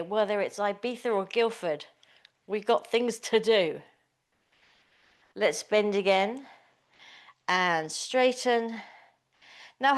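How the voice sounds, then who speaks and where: A woman teaching a small Pilates class, giving encouraging, chatty cues. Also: a little high. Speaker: pilates instructor. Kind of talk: live class instruction.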